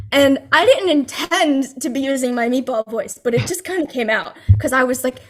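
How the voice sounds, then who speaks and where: A woman's voice: high voice, moderate pace, fairly bright tone. A young woman from New Jersey, chatting expressively as a guest on a video-call interview. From New Jersey, USA. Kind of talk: casual interview chat.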